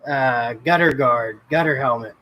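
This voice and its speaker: Slow, laid-back livestream host, man. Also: mid-range voice, pushed and bright, rough recording. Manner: laid-back, rambling, greets viewers by name. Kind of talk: casual livestream chat reading comments.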